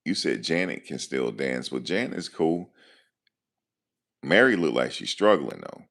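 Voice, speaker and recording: A man's voice: a bass voice, big pitch swings, unhurried, creaky, a bit bright. A man hosting a live stream, chatting casually and jokingly. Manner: loose, joking, talks back to chat. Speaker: livestream host. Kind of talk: casual commentary to live chat.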